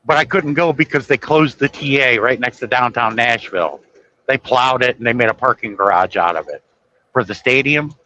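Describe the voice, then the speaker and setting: Guy with a bright voice just rambling through a story, doing all the back-and-forth himself. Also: mid-range voice, normal speed, a little hiss or hum, poor audio. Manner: rambling storyteller, acts out quoted dialogue. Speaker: guest storyteller. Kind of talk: casual chat.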